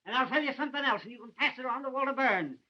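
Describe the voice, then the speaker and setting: An actor in a 1930s film playing a blustering, pompous small-town sheriff. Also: male voice, extremely high pitch, racing, pushed and bright, heavily acted. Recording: dull lo-fi 1930s film soundtrack.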